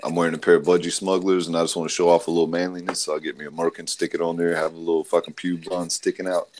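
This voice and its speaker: Man, very deep voice, crude casual banter. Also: level tone, very fast, a little mellow, slight background noise. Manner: crude, laughing, puts on silly accents. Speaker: podcast host.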